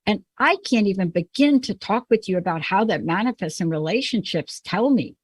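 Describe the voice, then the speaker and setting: A woman's voice: mid-range voice, animated, normal speed, slightly rough, no room sound. Emphatic New York woman host. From the Bronx, New York. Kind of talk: conversational podcast talk.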